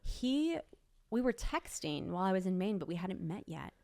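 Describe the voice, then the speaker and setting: A woman's voice: medium pitch, very animated, normal speed, dark tone, no room sound, clean studio sound. A young woman, an interview guest, emphatically retelling a personal story and quoting what people said. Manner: emotional, emphatic retelling with quoted dialogue.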